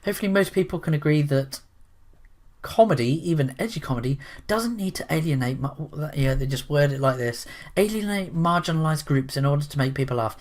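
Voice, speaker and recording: A man's voice: on the high side, expressive, brisk. A man giving opinionated commentary in a rambling, sarcastic way, full of restarts and asides. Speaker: commentary vlogger.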